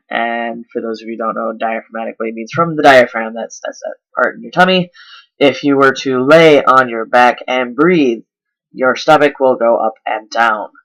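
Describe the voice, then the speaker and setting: A man's voice: mid-range voice, fairly bright tone, dull audio. A man vlogging a casual voice tutorial, explaining step by step with lots of ums. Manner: chatty, filler-heavy explaining. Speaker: voice coach vlogger.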